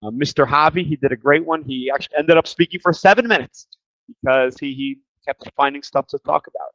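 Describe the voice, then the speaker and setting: A man's voice: on the high side, fairly quick, a bit bright, no echo. A man teaching English grammar in a casual, chatty way, tired and often repeating words as he thinks. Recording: slightly dull lo-fi sound.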